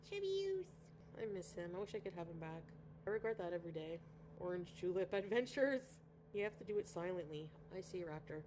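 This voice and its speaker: Reading viewer comments on a casual livestream, a woman from Canada rambles and says hello to viewers by name. Her mid-range voice has a darkish tone, and a little hiss or hum runs under the audio.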